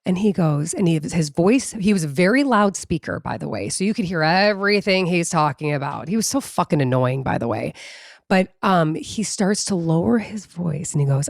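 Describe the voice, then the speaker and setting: Animated, profane woman spinning a story. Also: on the low side, moderate pace, creaky, no echo, studio quality. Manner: animated, profane, dramatic retelling. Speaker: podcast co-host. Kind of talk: casual storytelling chat.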